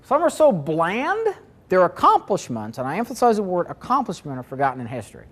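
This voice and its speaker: A man's voice: sits high, wildly swooping pitch, fairly quick, fairly bright tone. A man presenting a marketing seminar to a live audience, talking conversationally and asking the room questions.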